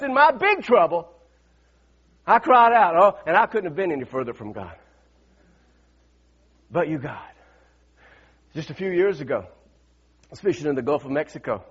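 A man's voice: on the high side, very animated, normal speed, long pauses, husky, muffled recording. A middle-aged man preaching a sermon, calling the congregation to say lines back and telling a personal story with rising fervor. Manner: calls on congregation to repeat lines, builds to shouts. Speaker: pastor.

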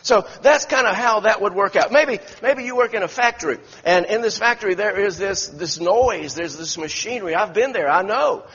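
A man's voice: sits high, lively intonation, moderate pace, hardly any pauses, fairly bright tone, breathy edge. A man preaching a sermon in a church sanctuary, telling folksy stories with many restarts. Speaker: pastor. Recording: echoey church hall, dull lo-fi sound.

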